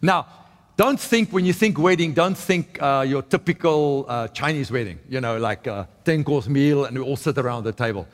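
A man's voice: mid-range voice, moderate pace, long reverb tail. A man preaching a sermon in a conversational way, often checking in with "right?" and restarting his sentences. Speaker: pastor.

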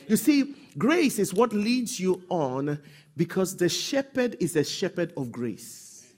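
A male pastor preaches to his congregation, his pitch swinging widely as he builds and falls back. His voice is husky and sits a little high, and he often drives his lines up toward a shout and calls for responses. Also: sing-song, unhurried. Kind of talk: sermon.

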